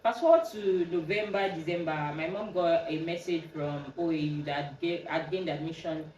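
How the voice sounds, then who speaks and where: A young woman with a Nigerian accent tells her own story in a casual, lively way, slipping into other people's voices as she goes. Her voice sits a little low. She is set back from the mic in a room with a lot of echo and a faint hum underneath. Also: normal speed, far from the mic, dull audio. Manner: animated, acts out quoted dialogue with a raised voice. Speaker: podcast host.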